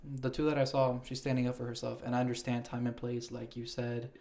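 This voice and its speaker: A young man with a mellow, warm voice chatting casually on a podcast. He reads nomination lists at a slow, unhurried pace and drops swear words freely. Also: medium pitch, flat delivery. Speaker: podcast host. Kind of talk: casual chat reading award nominations.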